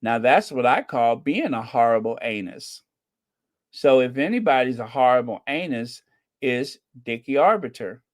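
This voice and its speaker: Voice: medium pitch, lively intonation, moderate pace. An American channel host giving casual commentary with a sarcastic, rambling, mocking manner. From United States.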